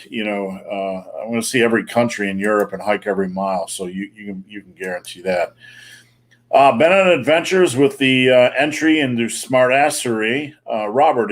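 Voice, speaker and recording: A man hosting a live online Q&A, chatting casually and joking, with plenty of fillers. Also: mid-range voice. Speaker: host. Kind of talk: live-stream Q&A chat.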